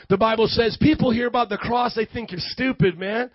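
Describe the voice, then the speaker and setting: A man preaching a lively sermon, shouting and calling on the crowd to repeat after him. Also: sits high, fairly quick, few pauses, dry recording, dull audio. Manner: shouting, preaching with call-and-response. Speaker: youth pastor.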